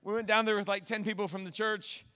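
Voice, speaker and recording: High bright-voiced pastor telling a story. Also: male voice, fast talker, clean tone, in a large hall. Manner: animated, with joking asides. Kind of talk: storytelling sermon.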